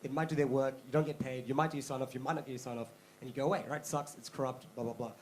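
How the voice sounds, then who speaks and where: A young man from South Africa performing a stand-up comedy set on a club stage, telling stories with animated mock voices. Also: medium pitch, very fast, a little hiss or hum, poor audio. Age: young adult.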